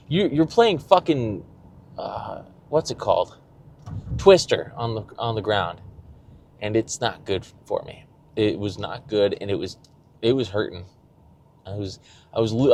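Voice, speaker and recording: A man's voice: medium pitch, a little hiss or hum. A young man talking casually in a diary-style fitness vlog, rambling and swearing freely as he restarts his sentences. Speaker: fitness vlogger.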